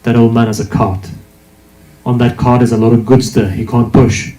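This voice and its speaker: A man's voice: medium pitch, flat delivery, normal speed, warm tone. A man preaching a religious sermon, speaking emphatically and asking rhetorical questions. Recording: echoey hall.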